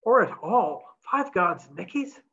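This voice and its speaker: A woman reading aloud, voicing a stubborn man who speaks calmly and firmly. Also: mid-range voice, slow, muffled recording, voice pushed up, full character voice. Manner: calm, stubborn. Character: stubborn man, steady soldier.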